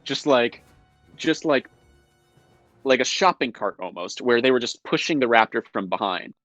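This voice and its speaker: Speaking at normal speed in a medium pitch, this man is a guest actor on a live video call from indoors at home. He tells behind-the-scenes tales with animated, mock-indignant self-defense in a casual chat. The lo-fi recording has no room sound and faint music in the background.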